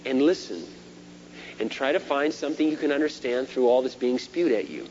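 Middle-aged guy preaching a sermon, loud then quiet, muffled tape with a bit of hum. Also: mid-range voice, moderate pace. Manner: animated preaching, shifts between loud emphasis and quiet asides. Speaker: pastor.

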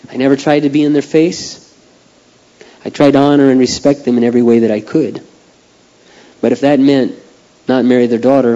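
A middle-aged man preaching a heartfelt sermon, dropping to a hush and then rising to loud pleading. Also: medium pitch. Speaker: pastor. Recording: dull lo-fi sound.

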